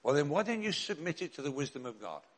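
A man's voice: a little high, sing-song, fast. An older man, a bishop and chaplain preaching a sermon in an earnest, direct way with rhetorical questions and repeated refrains.

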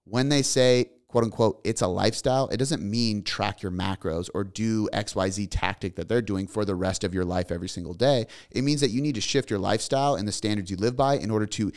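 A man's voice: lowish voice, a little fast, few pauses, darkish tone. Blunt, emphatic motivational man. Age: 30s. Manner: emphatic, blunt, repetitive lists, casual swearing. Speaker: podcast host. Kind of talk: motivational solo podcast monologue.

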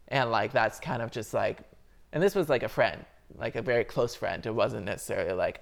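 A man with a gravelly, fry-edged voice talks earnestly in a relaxed podcast chat. He rambles through his thoughts, circling back with filler words as he goes. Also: mid-range voice, fairly quick. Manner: earnest, filler-heavy with many "like"s. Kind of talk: casual chat.

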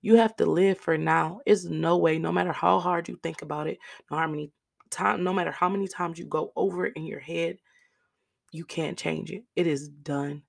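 Hoarse woman hosting a solo podcast, gravelly fry, level delivery, earnest talk to listeners. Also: lowish voice, steady tone, normal speed. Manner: earnest, direct encouragement to listeners as "y'all". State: raspy, hoarse voice. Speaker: podcast host.

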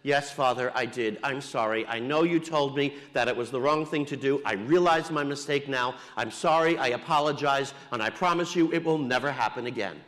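A man voicing a contrite biblical first man who apologizes softly and meekly, in an echoey hall. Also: medium pitch, fairly quick, few pauses, voice pushed down, close to an everyday voice. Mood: penitent. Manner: soft, meek and penitent.

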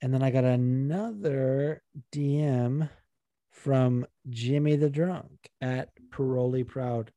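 A man's voice: medium pitch, slow, dry recording, dull audio. Rambling, profane man chatting on a podcast. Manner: rambling, profane, animated, puts on regional accents. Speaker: podcast co-host. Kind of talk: casual chat.

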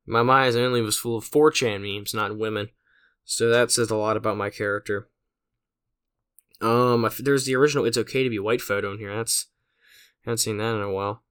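In a casual solo podcast, a teenage host in his late teens rambles along with many fillers and self-deprecating remarks. He speaks a little fast in a fairly low, steady voice that is a bit bright, clear and resonant.

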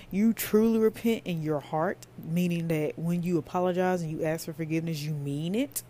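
Woman podcasting about faith, earnest and preachy, lowish mellow voice, faint hiss behind. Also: moderate pace, hardly any pauses. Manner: earnest, preachy, conversational, addresses listeners as y'all. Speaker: podcast host.

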